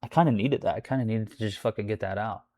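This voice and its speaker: A man's voice: on the low side, fast, a little mellow. Man venting angrily, swearing freely. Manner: profane, heated, rambling with restarts. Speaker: vlogger. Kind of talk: angry venting monologue.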